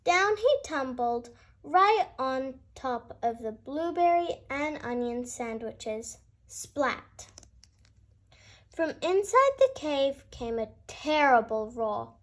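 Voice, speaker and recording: A woman narrating a children's bedtime story with a gentle, expressive delivery. Her high voice rises and falls a great deal, and she reads slowly and calmly. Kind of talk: bedtime story read-aloud.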